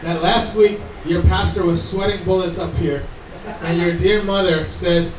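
Male pastor preaching, chatty and earnest, voice sits really high, echoey sanctuary with faint room hum. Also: steady tone, a little slow. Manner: earnest, conversational preaching with asides. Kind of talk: sermon. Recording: echoey room, mic from far off.

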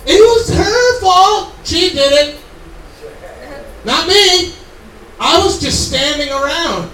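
Preacher acting out a whiny panicked man dodging blame, yelling high, echoey church from a distance. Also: expressive, takes it slowly, a little hiss or hum, heavily acted. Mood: defensive. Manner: shrill, defensive outburst. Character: panicked first man blaming his wife. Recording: echoey room, mic from far off.

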